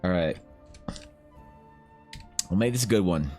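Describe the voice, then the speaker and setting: A young man chatting casually on a live art stream, animated and swearing as he banters with viewers, his voice slightly rough. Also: deep voice, unhurried, faint music behind.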